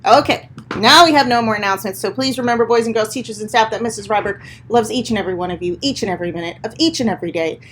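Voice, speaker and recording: A woman's voice: a little high, racing, few pauses, fairly bright tone. A woman, a school principal reading the morning announcements to students in an upbeat, encouraging way. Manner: upbeat, encouraging, addresses children directly.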